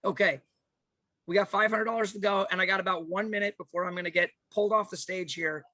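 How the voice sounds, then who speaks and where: Upbeat man on a video call rallying donors, high bright voice, dry sound. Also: fast talker, no room sound, poor audio. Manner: excited, jokey, thanking donors by name. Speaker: former county party chair running a fundraiser. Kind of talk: upbeat fundraising appeal on a virtual convention.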